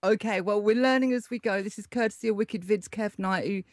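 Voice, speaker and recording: A woman's voice: medium pitch, a little fast, no echo, studio quality. A woman hosting a quiz segment in casual podcast chat, upbeat and encouraging. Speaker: quiz host.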